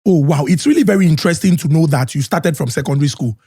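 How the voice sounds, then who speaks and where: Nigerian male host, husky and higher-pitched, chatty, dry studio. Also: fast talker, mellow, no room sound. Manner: chatty, mixes Pidgin and English. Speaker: podcast host. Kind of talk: podcast interview hosting.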